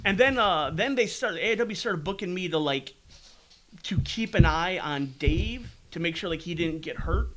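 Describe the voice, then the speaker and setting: Guy on a podcast with a high, bright voice, rambling through a story, tons of "like" fillers, animated and a bit breathless with it. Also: normal speed, a little hiss or hum. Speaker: podcast guest, former wrestler. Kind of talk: casual storytelling chat.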